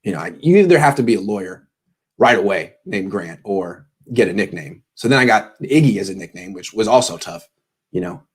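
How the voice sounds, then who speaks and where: A man's voice: on the low side, big pitch swings, fairly quick, breathy edge. A tired man hosting a pregame sports show, talking casually with jokes and self-deprecating tangents. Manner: joking, self-deprecating, meandering.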